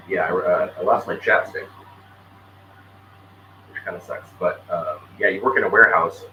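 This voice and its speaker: A man chatting casually while he works on a craft, rambling and counting quietly under his breath. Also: low voice, measured pace, pauses often, dull audio. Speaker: vlogger crafting on camera. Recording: echoey room with clear background noise.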